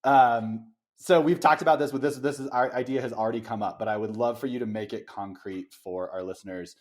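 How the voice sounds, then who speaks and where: A man's voice: mid-range voice, steady tone, fairly quick. A man hosting a podcast interview, asking reflective, encouraging questions with frequent fillers. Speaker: podcast host. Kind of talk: casual conversational interview.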